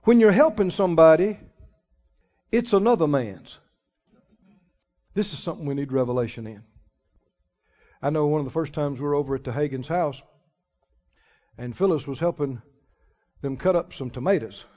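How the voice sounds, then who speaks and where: A man preaching a sermon as pastor, folksy and emphatic, with sudden loud swells and drawn-out words. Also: on the high side. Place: church sanctuary. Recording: muffled recording in a reverberant church hall.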